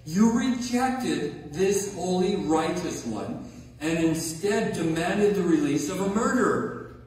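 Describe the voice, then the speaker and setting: Slow, emphatic pastor in an echoey hall. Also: male voice, high voice, animated, a little mellow. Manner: conversational, emphatic, checks in with audience. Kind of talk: sermon. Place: large hall or sanctuary. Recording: echoey hall recorded from far off.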